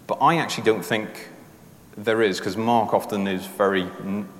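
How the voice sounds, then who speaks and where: A man with a lowish voice preaches a sermon in a relaxed, conversational way. He walks through his points step by step and uses everyday examples. The sound is roomy, with a long reverb from a large hall. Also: normal speed.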